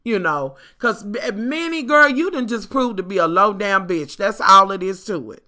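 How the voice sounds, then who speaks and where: A woman's voice: mid-range voice, lively intonation, moderate pace, bright, forceful tone. A woman vlogger giving a blunt, profane, sassy rant about a reality show. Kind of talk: casual rant.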